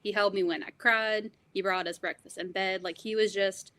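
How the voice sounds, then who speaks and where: A woman guest on a podcast interview, telling personal family stories in a lively, storytelling way. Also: medium pitch. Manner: fast, animated storytelling, quotes others' voices. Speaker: guest, wrestler's granddaughter.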